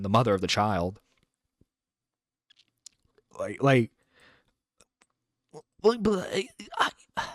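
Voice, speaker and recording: A man's voice: mid-range voice, dry recording. A man hosting a live stream, reacting to a clip in an exasperated, incredulous rant with some swearing, close to the mic. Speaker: internet radio host reacting to a clip.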